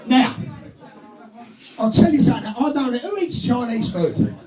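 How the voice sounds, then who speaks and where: A man's voice: extremely high pitch, animated, moderate pace. A man in his forties with an English accent, doing a crude, blokey stand-up routine to a live audience. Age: 40s. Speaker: stand-up comedian. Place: club stage before a live audience. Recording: echoey club with music and crowd.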